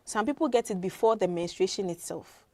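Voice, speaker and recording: A woman's voice: mid-range voice, a little fast. A woman working as a midwife, earnestly explaining health advice with frequent fillers and repeated words. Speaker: midwife guest.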